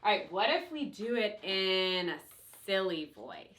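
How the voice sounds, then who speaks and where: A woman teaching a children's grammar class, cheerfully leading the kids through slow call-and-response recitation. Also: medium pitch, animated, a bit bright. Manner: cheerful, leads children in repeating lines slowly.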